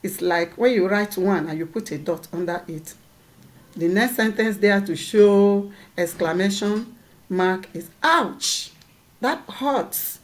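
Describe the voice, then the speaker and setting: A woman's voice: mid-range voice, a little slow. A woman teaching a lesson, patiently repeating points and checking that her students follow. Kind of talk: classroom lesson.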